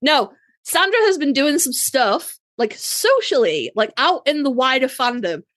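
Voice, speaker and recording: A woman with a Yorkshire accent co-hosting a podcast in a casual chat, talking in quick, self-mocking asides with some swearing. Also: high-pitched, big pitch swings, a bit bright, dry recording. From Yorkshire, England. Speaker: podcast co-host.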